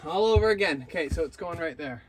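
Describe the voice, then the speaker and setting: Excitable high-voiced man vlogging. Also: quick pace, very noisy. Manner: excitable, joking, talks to himself as he works. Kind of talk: casual vlog narration while working. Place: working on a van.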